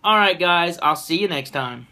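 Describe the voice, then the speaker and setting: A man giving a casual anime episode review, excitable and swearing freely as he retells a fight. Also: fairly high pitch, moderate pace.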